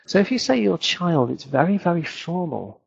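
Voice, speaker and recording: A man's voice: on the high side, sing-song, moderate pace, gravelly, husky, lo-fi sound. A British man teaching English in a webinar lesson, explaining points and repeating words to show where the stress falls. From Britain.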